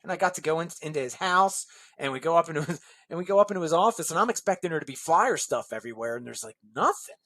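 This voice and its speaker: A man casually telling a long anecdote as an interview guest, animated and chuckling as he acts out the voices of people in the story. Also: on the high side, fast talker, hardly any pauses, no room sound.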